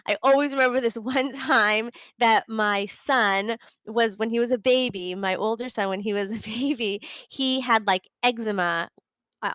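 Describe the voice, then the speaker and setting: A woman's voice: a little high, a bit bright, clean tone, dry recording, poor audio. A woman in her thirties hosting a live coaching talk, chatting freely with many "like"s and acting out the thoughts of her listeners. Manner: chatty, many fillers, acts out quoted inner thoughts. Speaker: podcast host and relationship coach.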